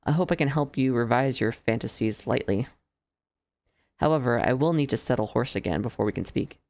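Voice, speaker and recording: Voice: mid-range voice, a little fast, darkish tone, no room sound, natural voice. Streamer reading as a teasing young nobleman. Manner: polite, teasing formal speech. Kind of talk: reading game dialogue aloud.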